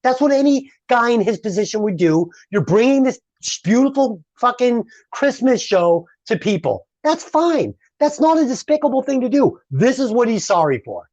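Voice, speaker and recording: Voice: mid-range voice, normal speed, hardly any pauses, no echo, lo-fi sound. A podcast co-host in a casual movie review chat, swearing freely and ranting with lots of heat. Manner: profane, ranting, animated.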